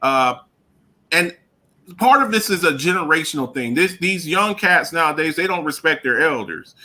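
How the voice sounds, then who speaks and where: A man's voice: a little high, lively intonation, normal speed, bright, forceful tone. A man co-hosting a radio show, talking sports in a casual, emphatic way, often repeating himself and laughing.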